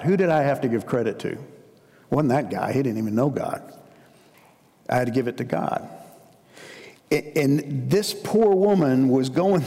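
A man's voice: medium pitch, a little mellow. A man preaching a sermon as a pastor, telling stories in a conversational way. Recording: long hall reverb.

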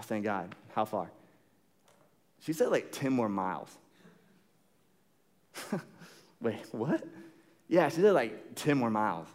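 A young adult man preaching, telling a story in a casual, animated way with lots of fillers. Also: mid-range voice. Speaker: pastor. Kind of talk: sermon storytelling.

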